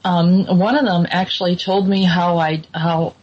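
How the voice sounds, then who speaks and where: A woman's voice: lowish voice, steady tone, unhurried, husky. A woman hosting a casual talk show, speaking hesitantly with many ums and restarts. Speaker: host. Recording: dull lo-fi sound with faint noise.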